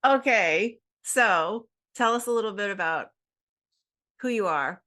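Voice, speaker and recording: A woman hosting a podcast, speaking gently and reflectively, asking probing questions. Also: medium pitch, expressive, a little slow. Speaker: podcast host. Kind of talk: reflective podcast host address. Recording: voice over clear background music.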